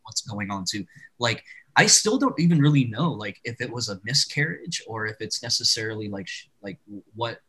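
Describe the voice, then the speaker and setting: Husky, laid-back man in casual chat. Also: mid-range voice, sing-song, normal speed, a bit bright. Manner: laid-back, hesitant, restarts and "like" fillers.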